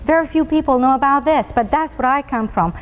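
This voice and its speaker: A woman in her fifties from Colombia and Venezuela, with a Venezuelan Spanish accent, gives a prepared talk at a school event, telling stories with frequent ums and uhs. Her voice is high and a little fast, captured in a large hall with poor audio.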